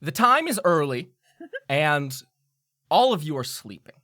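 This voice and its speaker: A man guides his players through a tabletop adventure, narrating in a loose, easygoing way with plenty of little fillers. His voice is bright and crisp, recorded close on a dry podcast mic with no room sound. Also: fairly high pitch, a little slow, dry recording. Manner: relaxed, rambling narration with fillers. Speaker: game master.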